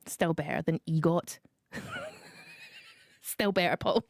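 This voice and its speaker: A woman's voice: low-pitched, slow, dry recording. A woman hosting a radio show in a studio, chatting casually, laughing often and jumping between tangents. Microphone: studio microphone.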